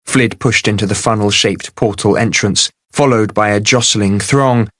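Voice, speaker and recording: A man with a fairly low voice reads a fantasy novel aloud in a steady, measured way. The sound is dry and close, with no room around it. It is a plain audiobook narration. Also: dry recording.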